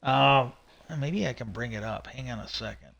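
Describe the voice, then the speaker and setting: A man's voice: mid-range voice, normal speed, creaky, a bit bright, dull audio. A man hosting a livestream, casually rambling through stories with many fillers and restarts. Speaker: livestream host.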